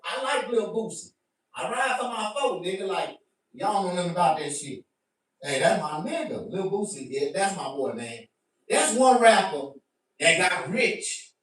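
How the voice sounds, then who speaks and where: A man doing a profane stand-up rant to his stream, animated and bursting into shouts. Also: sits high. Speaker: comedian. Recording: very echoey room, mic at a distance.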